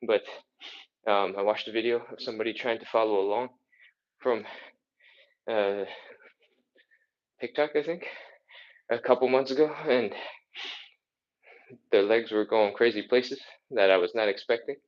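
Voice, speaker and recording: A man's voice: fairly low pitch, a little slow, long pauses, lo-fi sound. A man coaching a live follow-along stretching workout, counting reps and out of breath as he exercises. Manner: counts reps aloud, casual and encouraging, sighing between moves. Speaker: fitness instructor.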